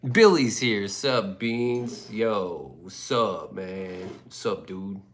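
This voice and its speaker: A man's voice: fairly low pitch, very slow, a bit bright. A man hosting a livestream in rambling casual chat, profane and loose, often laughing. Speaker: livestream host.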